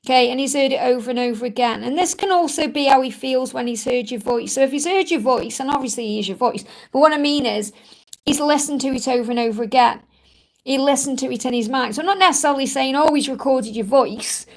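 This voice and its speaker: A woman's voice: sits high, quick pace, rough recording. A woman hosting a live-stream psychic card reading, chatty and reassuring, rambling with many asides.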